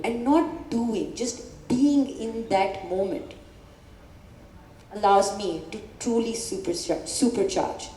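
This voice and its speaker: A woman's voice: mid-range voice, darkish tone, a little hiss or hum. A woman, interviewing an author on stage at a book launch, effusive in her questions. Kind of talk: on-stage conversation. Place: event hall before an audience. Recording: echoey hall with light ambience.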